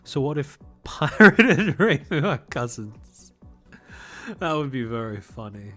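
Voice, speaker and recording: A young Australian man with a polished accent and crisp enunciation, talking casually to his stream audience. His mid-range voice swoops around animatedly, and he laughs and restarts his sentences often. Faint music plays quietly underneath. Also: medium pitch, sing-song, a little slow. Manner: rambling, laughs often, repeats words as he starts sentences. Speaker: livestreamer. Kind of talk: casual livestream chat, reading chat.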